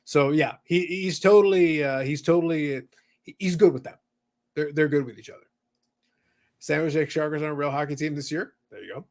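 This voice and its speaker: A man's voice: fairly high pitch, normal speed, darkish tone. A man hosting a hobby podcast in casual chat, reading viewer comments aloud between thoughts. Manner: chatty, reads viewer comments aloud, many fillers. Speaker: podcast host.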